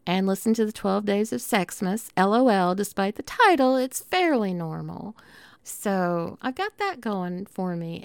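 A woman's voice: medium pitch, darkish tone, clear, resonant tone, dry recording. A middle-aged woman with a Southern accent hosting her podcast in a chatty, affectionate, rambling way. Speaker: podcast host. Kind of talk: casual monologue.

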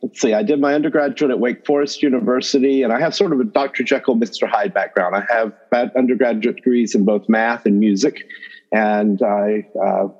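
A middle-aged man with a gentle North Carolina accent talks through his path into teaching as an interview guest. He is relaxed and quick to chuckle, with a voice of ordinary pitch. The recording sounds slightly dull and muffled. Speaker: guest, math education professor. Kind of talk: conversational interview.

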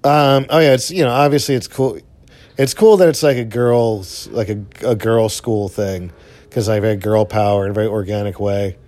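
A young man giving casual, rambling movie commentary while watching, full of fillers and offhand swearing, his voice jumping up when excited. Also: moderate pace, no room sound. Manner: enthusiastic, pitch jumps up when excited. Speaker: film commentator.

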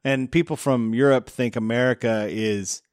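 A man from Tennessee hosts a laid-back podcast, rambling and joking as he trips over his words. His voice sits at a middling pitch and is recorded close and dry. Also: steady tone, normal speed, no room sound. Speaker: podcast host. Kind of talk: casual chat.

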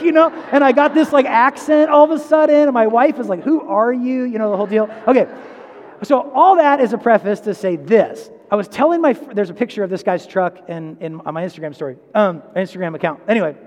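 Guy preaching, kinda high voice, rambly story with side comments, echoey church hall. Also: darkish tone. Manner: conversational, storytelling with asides and self-corrections. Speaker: pastor. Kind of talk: sermon.

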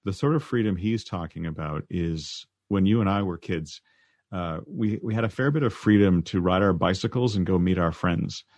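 Podcast host, deep male voice, dry close sound, measured and wry. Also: a little mellow, no room sound. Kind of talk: casual chat and scripted narration.

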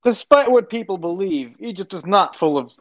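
Lively-voiced young guy explaining. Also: high-pitched, normal speed, dry recording, muffled recording. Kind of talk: casual chat with friends.

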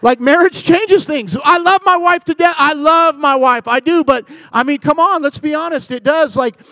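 A man in his forties giving a comedic talk to a live church audience, telling animated stories and bantering with the crowd. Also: very high voice, moderate pace, dry recording. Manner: animated storytelling, acting out dialogue and bantering with the audience. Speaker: guest speaker at church. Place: church service.

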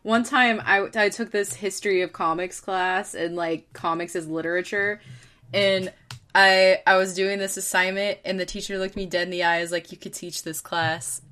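A woman's voice: mid-range voice, steady tone, moderate pace, pushed and bright. A woman co-hosting a casual podcast, blunt and joking, swearing freely. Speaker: podcast co-host. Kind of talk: casual chat.

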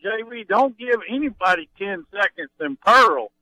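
A man calling in to a radio show, his voice high and bright with a forceful edge. He rants emphatically, close and dry on the line. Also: expressive, moderate pace, dry recording, poor audio. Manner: emphatic, ranting about rudeness. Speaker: caller. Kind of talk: phone-in chat.

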